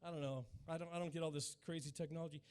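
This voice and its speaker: High-voiced stand-up comic riffing with crowd. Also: male voice, fairly even intonation, rapid-fire, a little mellow, clear, resonant tone. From Utah. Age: 40s. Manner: chatty, riffing with the crowd, mock-incredulous. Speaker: stand-up comedian. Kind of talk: live stand-up comedy. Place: small cafe stage with a live audience.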